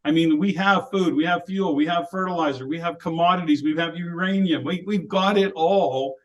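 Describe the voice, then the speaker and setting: A man's voice: fairly high pitch, moderate pace, rough recording. Opinionated older man ranting. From Alberta, Canada. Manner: opinionated, ranting, rhetorical questions. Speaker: podcast co-host. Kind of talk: casual podcast discussion.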